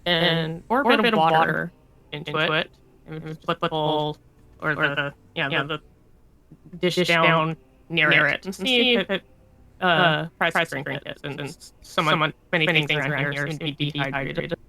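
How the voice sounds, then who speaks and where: Gravelly, hesitant man at a game table. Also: fairly high pitch, a little slow, long pauses, sharp tone, dry recording. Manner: hesitant, rambling. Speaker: player.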